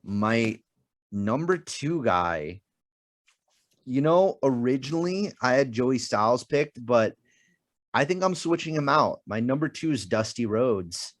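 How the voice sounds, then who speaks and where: Animated man chatting on a podcast. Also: mid-range voice, unhurried. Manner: animated, laughs a lot, imitates wrestlers. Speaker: podcast co-host. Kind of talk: casual wrestling podcast chat.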